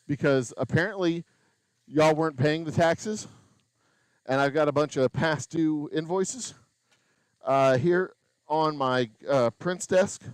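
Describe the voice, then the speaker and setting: A man's voice: smooth, no echo. A man voicing a smug, pompous prince with a bad put-on Italian accent, lording it over his peasants. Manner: pompous, condescending, high-pitched. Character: smug returning prince collecting taxes from peasants.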